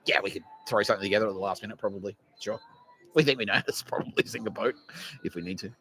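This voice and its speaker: A man voicing an overconfident navy officer who talks quickly and shrugs things off. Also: fairly low pitch, bright, forceful tone, faint music behind. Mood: breezy.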